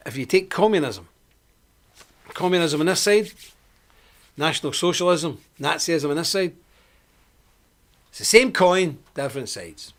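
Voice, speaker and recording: A man's voice: fairly high pitch, a bit bright. A man hosting a live online report, delivering a combative, preachy monologue and repeating his points for emphasis.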